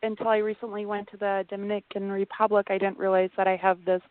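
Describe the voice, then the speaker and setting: A woman's voice: medium pitch, little pitch movement, fast talker, no echo. A Midwestern American woman in her forties from Wisconsin, calling in to a radio show, talking in a hesitant, rambling way full of fillers and restarts. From Wisconsin, USA. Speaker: caller. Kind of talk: radio call-in. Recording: dry, tinny phone line.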